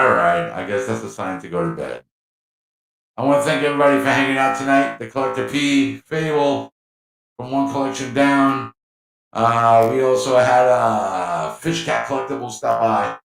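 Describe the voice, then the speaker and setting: A man's voice: mid-range voice, creaky. A man hosting a casual livestream, chatting in a rambling way and laughing at himself. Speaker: livestream host. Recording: echoey mic with faint music.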